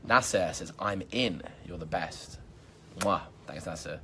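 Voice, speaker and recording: Low-voiced guy doing a live stream, reading out comments, hyped and chatty, lots of ums and likes. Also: a little slow, gravelly, pushed and bright, a little hiss or hum. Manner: upbeat, hypes viewers, many fillers like "um" and "like". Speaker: magician hosting a live stream. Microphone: phone or laptop live stream.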